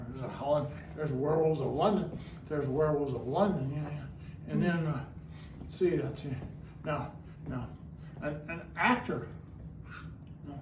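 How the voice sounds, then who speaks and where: A man talking to his pet bird in a casual home video, with a sing-song, coaxing way of speaking that drops to soft cooing. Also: fairly high pitch, noisy background. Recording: roomy echo, mic at a distance.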